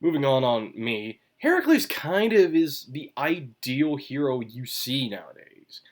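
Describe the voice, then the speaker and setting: Chewing gum as he talks, a man hosts a casual solo manga commentary video, drifting from point to point at an unhurried pace. His pitch swings widely, and now and then he breaks into emphatic bursts that shoot upward in pitch.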